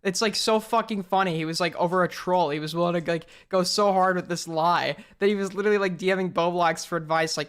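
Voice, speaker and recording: A man hosting a casual reaction commentary, sarcastic and animated, swearing freely. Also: high-pitched, fast, few pauses, clear, resonant tone. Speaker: commentary host.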